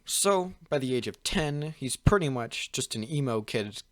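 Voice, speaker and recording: A man's voice: mid-range voice, animated, a little slow, no room sound. A young man talking through a fan-made story off the cuff, looping back with filler words and restarting sentences as he goes. His voice is dry and close, with no room sound around it. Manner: rambling, full of "pretty much" and "like", frequent restarts. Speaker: channel host. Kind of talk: casual fan-fiction storytelling.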